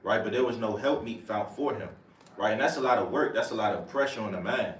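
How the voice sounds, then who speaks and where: Low-voiced man, casual bible preacher, distant mic in an echoey room with faint noise. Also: fairly quick. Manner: calls for readings, repeats verses, asks "right?" after every point. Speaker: teacher leading scripture study. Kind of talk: street-preaching bible lesson.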